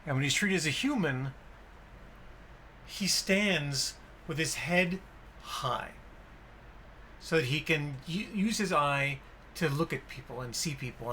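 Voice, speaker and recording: Bright-voiced man chatting about films. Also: fairly high pitch, a little slow, a little hiss or hum. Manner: enthusiastic, animated retelling with acted-out quotes. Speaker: podcast host. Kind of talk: casual film discussion.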